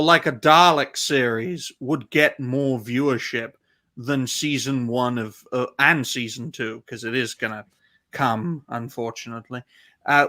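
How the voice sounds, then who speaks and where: A man hosting a fan live stream, giving opinionated, ranting commentary in quick bursts. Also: medium pitch, sharp tone.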